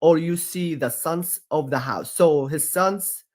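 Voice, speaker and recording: A man's voice: fairly high pitch, takes it slowly, darkish tone. A man from Iraq with an Iraqi accent, a guest on a livestream, telling stories emphatically and repeating himself as he restarts phrases. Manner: repetitive, emphatic storytelling with frequent restarts. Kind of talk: casual debate-stream chat.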